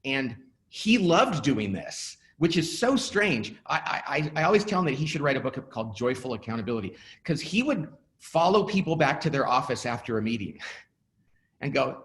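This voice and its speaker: A man's voice: mid-range voice, normal speed. A middle-aged man, an author, talking in a webinar interview and acting out the dialogue he quotes as he tells stories. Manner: animated storyteller who acts out quoted dialogue. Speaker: author and guest speaker.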